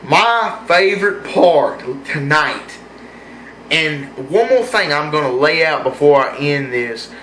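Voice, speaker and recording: A man rambling through an opinionated, excitable casual review of a wrestling show. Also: fairly high pitch, slow pace, echoey room, a little hiss or hum. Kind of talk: casual solo review vlog.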